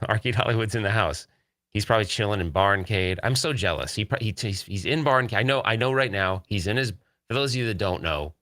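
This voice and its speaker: A man's voice: on the low side, pushed and bright, no echo, studio quality. A man hosting a podcast live stream, talking casually in a rambling, upbeat way and reading viewer chat aloud. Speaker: podcast host.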